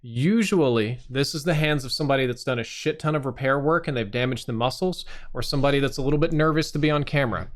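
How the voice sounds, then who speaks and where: A man's voice: mid-range voice, quick pace, few pauses. A man hosting a live stream, reviewing channels with blunt, casual and sometimes profane critique.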